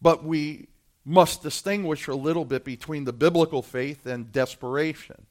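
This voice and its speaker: A man preaching a sermon, speaking straight to the congregation with impassioned delivery that swells from hushed to loud. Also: fairly high pitch, normal speed. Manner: addresses the congregation directly, who answer back.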